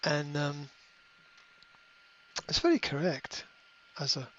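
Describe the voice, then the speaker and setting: A middle-aged man hosting a podcast, giving a motivational monologue in a halting way, repeating words and filling pauses with ums. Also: on the high side, expressive, a bit bright, a little hiss or hum. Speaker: podcast host. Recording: slightly dull lo-fi audio.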